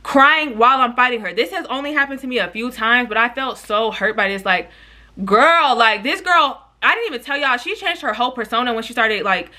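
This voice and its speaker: Bright, animated young woman telling a story. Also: a little high, a little fast. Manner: animated, frank, slangy, swears freely, talks straight to viewers. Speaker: YouTuber. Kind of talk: casual storytime vlog.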